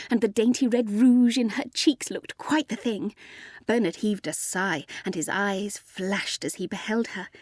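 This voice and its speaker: A woman narrating a storybook in an even, gently amused storytelling manner. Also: mid-range voice, no echo, studio quality. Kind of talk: storybook reading.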